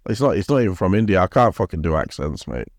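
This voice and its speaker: Low-voiced sweary man. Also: very animated, fast, no echo, clean studio sound. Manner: sweary, rambling, laughs often. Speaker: podcast co-host. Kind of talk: casual football chat.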